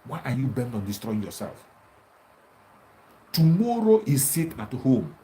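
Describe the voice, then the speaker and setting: Guy ranting at opponents, voice swinging up and down, kinda dark tone, faint hiss behind. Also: mid-range voice, big pitch swings, unhurried, low-quality recording. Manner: combative, taunting, repetitive. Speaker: activist commentator. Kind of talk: impassioned political monologue.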